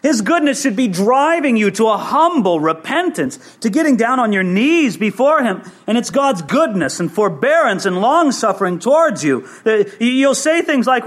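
A man preaching a sermon, acting out the voices he quotes, rising emphatic and dropping low. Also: sing-song, moderate pace, hardly any pauses.

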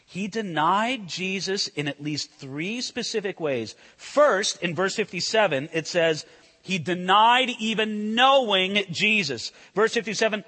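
A male pastor preaches in a bright, sharp voice that rises high and drops low, shifting from loud emphasis to hushed intensity. He's expressive and unhurried, and a long reverb suggests a large hall.

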